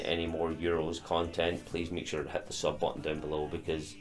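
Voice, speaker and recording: A man's voice: a bass voice, monotone, fairly quick, hardly any pauses, soft background music. A young Scottish man from Scotland, talking as a football fan vlogger, emotional and heartfelt, repeating his thanks. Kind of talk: passionate fan reaction vlog.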